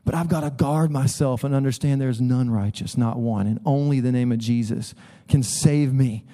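A man's voice: mid-range voice, moderate pace, mellow. A man preaching a sermon in church, talking casually and joking with the congregation, acting out the voices he quotes. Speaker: pastor.

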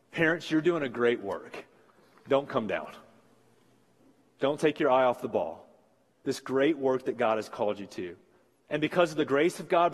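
A man's voice: on the high side, in a large hall. A man in his forties, a pastor preaching an earnest, encouraging sermon and repeating key phrases for emphasis. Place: church sanctuary.

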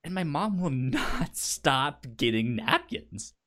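On a podcast he co-hosts, a man chats casually, stammering often and laughing through his stories. His fairly high voice is very animated, slow, and a bit bright.

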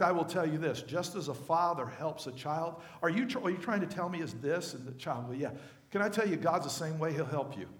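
High-voiced pastor preaching in an echoey church. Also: male voice, fairly bright tone. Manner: conversational, asks the congregation questions. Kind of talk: sermon. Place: church sanctuary.

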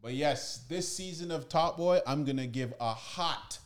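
A man's voice: a little high, measured pace. Easygoing man chatting on a podcast. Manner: easygoing, joking, gives ratings. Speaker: podcast co-host. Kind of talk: casual chat.

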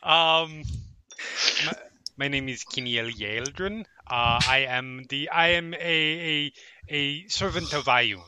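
A man voicing a courteous, mysterious male drow cleric in a tabletop game. He speaks formally and quietly, with a put-on accent. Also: mid-range voice, very animated, a little fast, hardly any pauses, no echo.

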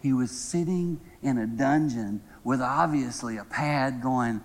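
A middle-aged man preaching a sermon, telling a humorous story in a lively way and then praying softly. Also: unhurried, hardly any pauses. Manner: lively, humorous storyteller who drops to a soft, low tone to pray. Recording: long reverb of a large hall.

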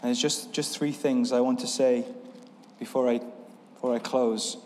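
A man's voice: medium pitch, fairly even intonation, normal speed, darkish tone, slight background noise. Earnest male pastor preaching in a hall. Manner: earnest, repetitive preaching cadence with restarts. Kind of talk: sermon. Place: church sanctuary.

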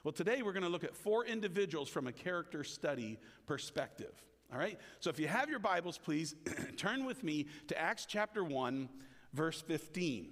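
A man's voice: lively intonation, normal speed, fairly bright tone. A man preaching a sermon in a church, talking conversationally to the congregation and acting out the quotes he tells. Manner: conversational, frequent "right?" asks to the congregation; acts out quoted speech with big pitch swings. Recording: long reverb of a large hall.

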